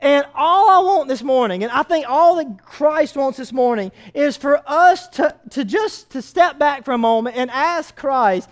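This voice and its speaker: A man's voice: very high-pitched, expressive, unhurried, few pauses. A man preaching a sermon as pastor, telling stories in a conversational way with frequent fillers. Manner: conversational storytelling with hesitant fillers.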